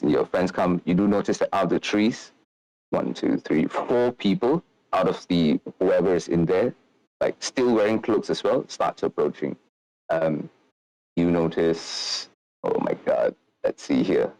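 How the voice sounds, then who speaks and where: A man's voice: low-pitched, darkish tone, dry recording, poor audio. A man narrating as game master of a tabletop game, describing scenes in a rambling way with many fillers.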